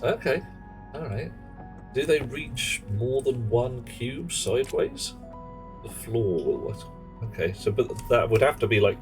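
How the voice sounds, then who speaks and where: A man streaming a game, talking to himself and chatting asides as he works through it. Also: on the low side. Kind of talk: live gameplay commentary. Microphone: headset.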